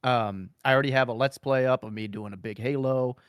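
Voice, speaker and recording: A man hosting a podcast, loose and rambling, cracking jokes and laughing through the housekeeping. His voice sits at an ordinary middle pitch. The sound is close and dry, with no room in it. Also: fairly even intonation, brisk, clean tone, no echo. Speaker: podcast co-host. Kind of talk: casual podcast chat.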